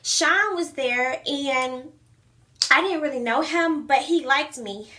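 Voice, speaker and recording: A woman's voice: sits high, takes it slowly, pushed and bright. A young woman chatting through a storytime vlog, retelling events with lots of fillers.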